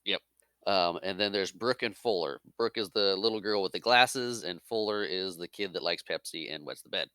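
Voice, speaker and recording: A man's voice: sits low, normal speed, pushed and bright, smooth, no room sound. A man co-hosting a casual movie podcast, laughing along and running through facts. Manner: easygoing, laughs often, lists facts. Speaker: podcast co-host.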